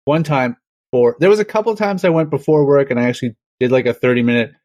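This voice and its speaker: A man's voice: medium pitch, fast talker, a little mellow, dry recording. Hesitant, chuckling male podcast co-host. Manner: hesitant, many ums and restarts, chuckles. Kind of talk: casual podcast chat.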